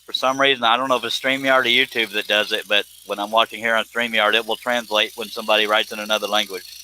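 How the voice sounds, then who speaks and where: Speaking quickly in a flat, low-leaning voice that sounds pushed and bright, a middle-aged livestream host chats casually and laughs often. There's slight background noise and the recording is rough. He reads a chat message back in a mock-threatening way.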